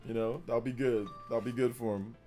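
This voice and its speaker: A man's voice: mid-range voice, steady tone, fairly quick, mellow, soft background music. A man in his forties hosting a gaming livestream, chatting casually in a blunt, rambling way that repeats itself.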